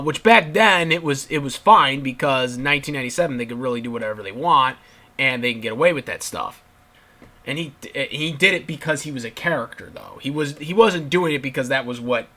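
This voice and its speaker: Bright-voiced man ranting about wrestling. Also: a little high. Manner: exasperated, ranting with frequent swearing and restarts. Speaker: YouTube commentator. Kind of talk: casual rant to camera.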